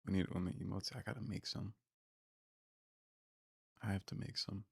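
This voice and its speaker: A man reacting live on stream, exasperated and mocking, swearing freely as he talks back at a clip. His voice sits fairly low, and it is recorded dry and close. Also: level tone, normal speed, creaky, breathy edge, no room sound.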